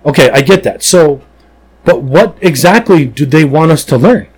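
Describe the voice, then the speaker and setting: A man's voice: on the high side, normal speed, low-quality recording. A man who works as a police officer, chatting casually on a podcast in an emphatic, blunt way. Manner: animated storyteller, emphatic and blunt.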